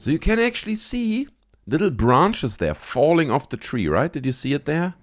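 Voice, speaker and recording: A man's voice: fairly high pitch, sing-song, normal speed. A man from Germany hosting a video channel, giving joking, sarcastic commentary on viral clips. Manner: joking, sarcastic, laughs at footage. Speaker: YouTube host reacting to viral clips. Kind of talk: casual commentary.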